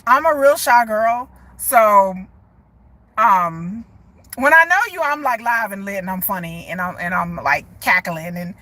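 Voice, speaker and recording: A woman, chatting casually to her viewers on a phone live stream from inside a parked car, animated and talkative. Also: mid-range voice. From Texas. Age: 40s. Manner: chatty, animated, often laughs and says y'all. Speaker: vlogger. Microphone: phone held at arm's length.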